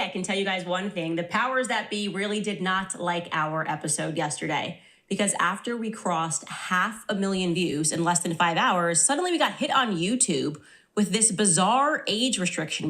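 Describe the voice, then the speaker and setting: A woman's voice: lowish voice, lively intonation, moderate pace, a bit bright. A woman political commentator hosting a podcast, telling a story in a sardonic, emphatic way.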